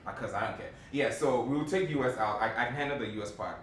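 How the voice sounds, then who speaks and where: A man hosting a casual panel chat, joking and animated, swearing freely. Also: medium pitch, fast. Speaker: host. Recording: echoey room, distant mic, faint noise.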